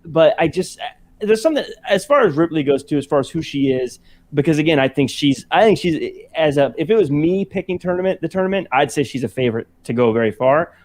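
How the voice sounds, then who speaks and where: Guy on a debate podcast thinking out loud, kinda halting, little high voice. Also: animated. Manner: thoughtful, halting, restarts to find words. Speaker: debate show co-host. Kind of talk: casual debate chat.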